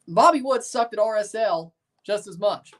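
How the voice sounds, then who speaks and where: A man's voice: high-pitched, lively intonation, normal speed, a bit bright. A man hosting a livestream watchalong, chatting casually, reading viewers' comments aloud and reacting to a soccer match with sarcastic asides.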